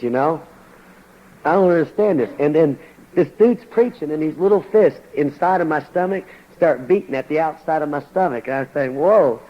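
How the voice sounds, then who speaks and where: A man's voice: a little high, lo-fi sound. An older man, a former boxer, telling his conversion story as a church testimony in a colloquial, slangy storytelling manner.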